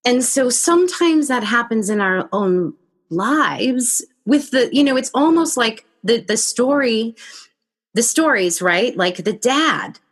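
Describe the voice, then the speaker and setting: A woman hosting a podcast interview, telling a story in a lively conversational way and acting out her own reactions. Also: fairly high pitch, takes it slowly. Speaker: podcast host.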